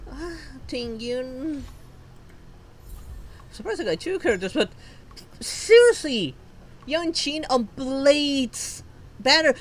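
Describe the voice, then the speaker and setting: A woman's voice: high-pitched, animated, slow, long pauses. A woman from Argentina, streaming a gacha game and ranting in frustration with lots of swearing.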